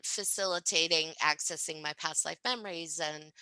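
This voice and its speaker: Woman guest on a podcast, super bright voice, dry close sound, chatty and animated, keeps saying right?. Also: deep voice, normal speed, smooth, no echo, low-quality recording. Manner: animated, frequent "right?" tags and laughs. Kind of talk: casual conversational storytelling.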